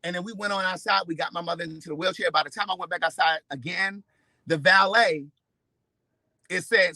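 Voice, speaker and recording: A man with a high, very bright voice tells a story to his camera in an animated way, with plenty of profanity. He acts out the lines of each person in it. The sound is close and dry. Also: fairly quick, no room sound, rough recording. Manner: expressive, profane, acts out quotes with big swings in loudness. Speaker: vlogger.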